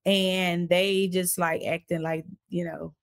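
A woman speaks as a guest on an interview show. Her voice sits fairly low with a rough, gravelly edge, and her delivery stays casual and conversational. She tells a personal story with energy, slipping into the voices of the people in it. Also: takes it slowly. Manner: animated, acts out quoted voices while recounting events.

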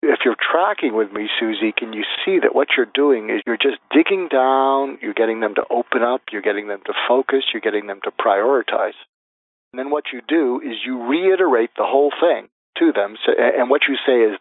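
A man being interviewed as a guest expert, calmly laying out a method step by step and acting out example phrases. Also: medium pitch, moderate pace, no echo. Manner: methodical, lists numbered steps, acts out example phrases. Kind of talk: interview answers, explaining step by step. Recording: tinny phone-like line, dry.

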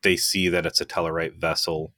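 Low-voiced, forceful man co-hosting a podcast. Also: level tone, a little fast, no echo. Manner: opinionated, wry, swears casually. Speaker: podcast co-host. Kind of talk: casual review chat.

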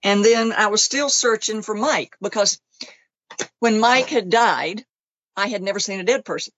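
A woman's voice: mid-range voice, moderate pace, a bit bright, dry recording. A woman being interviewed, telling a personal story with feeling and acting out other people's lines as she goes. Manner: emotional, close to tears at times. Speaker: interview guest. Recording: dull, lo-fi dry recording.

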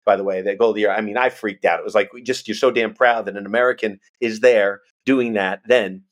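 A man's voice: lowish voice, steady tone, brisk. A man co-hosting a podcast, chatting in a casual, enthusiastic, rambling way. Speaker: podcast co-host. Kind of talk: casual chat.

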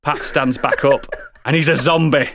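A man co-hosting a comedy podcast, swearing and laughing as he pitches a story. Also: fairly even intonation, normal speed, background noise.

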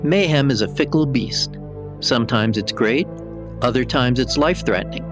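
A male podcast host delivers scripted narration in a measured, deliberate manner. His voice sits at an ordinary middle pitch. A prominent music bed runs under his voice.

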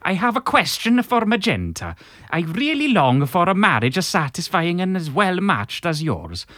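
A man's voice: high voice, wildly swooping pitch, moderate pace, fairly bright tone, dry recording, studio quality, voice pushed up, exaggerated voice. A man doing a mock Welsh-Italian letter writer. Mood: earnest. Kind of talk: comic letter reading.

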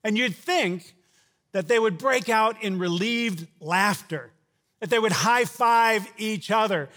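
A man preaching a sermon who shouts out quoted lines and then drops to a low, quiet delivery. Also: slow. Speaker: pastor.

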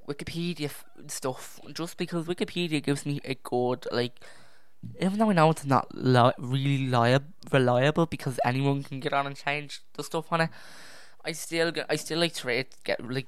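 Young true crime podcast host, casual and easily distracted, clear voice, dry home mic. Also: medium pitch, steady tone, moderate pace, dry recording. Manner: rambling, self-correcting, easily distracted; sighs and drops to a near whisper at times. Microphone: own podcast microphone.

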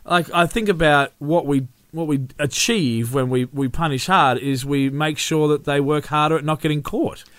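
A man co-hosting a parenting podcast, chatty and quick to agree. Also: on the high side, a bit bright, dry recording. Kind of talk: casual podcast chat.

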